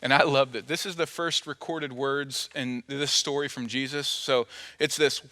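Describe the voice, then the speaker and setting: Man, pastor, sermon, playful storytelling, bright tone, reverberant church hall. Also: mid-range voice, fairly even intonation, unhurried. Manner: playful storytelling, acting out quoted dialogue. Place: church auditorium.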